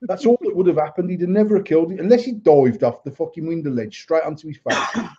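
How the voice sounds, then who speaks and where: A man with a fairly high but very dark, mellow voice tells rambling family stories and swears freely. The audio is dull and lo-fi. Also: expressive, quick pace, slightly rough. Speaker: podcast co-host. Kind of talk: casual storytelling.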